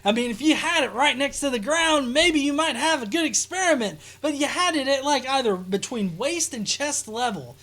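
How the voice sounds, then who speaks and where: A woman hosts a casual show, reading comments and mocking them with crude, sarcastic remarks. Her voice sits a little high. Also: animated, normal speed, few pauses, fairly bright tone. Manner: crude, sarcastic, laughing asides. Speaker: show host.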